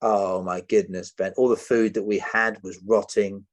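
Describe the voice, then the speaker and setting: His voice is lowish and his pace measured as he shares a lively story on a podcast. The male guest imitates other people's voices and often laughs.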